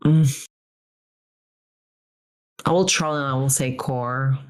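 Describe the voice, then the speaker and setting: Low-pitched woman contestant, unhurried, teasing and giggly. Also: fairly even intonation, poor audio. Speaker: quiz contestant. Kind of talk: casual playful chat.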